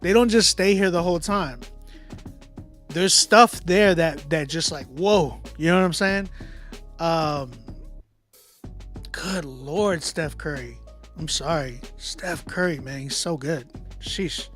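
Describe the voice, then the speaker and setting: Host type: male music reviewer, high voice, loose slangy delivery, faint music behind. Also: a little slow. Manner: animated, conversational, drops in slang and filler. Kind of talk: casual song critique, talking to viewers.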